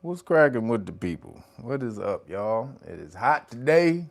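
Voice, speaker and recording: A man's voice: big pitch swings, moderate pace, gravelly. A man hosting a casual livestream, greeting viewers by name, laughing often and swearing casually. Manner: rises to a high, loud laughing voice when teasing. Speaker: livestream host.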